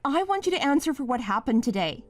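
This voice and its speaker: A woman's voice: high voice, big pitch swings, normal speed, no echo, faint music behind. Woman doing emotional wife confronting her guy, voice jumps all over. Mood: accusing. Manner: emotional, pleading then accusing. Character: upset young wife confronting her partner. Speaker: partner. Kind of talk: dramatized story dialogue.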